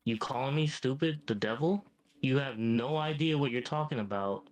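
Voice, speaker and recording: Smug old devil guy , ai voice doing it, brags nonstop, says mate a lot, middle pitch. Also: normal speed, natural voice, poor audio. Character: smug male devil, ancient and boastful. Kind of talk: AI chatbot role-play.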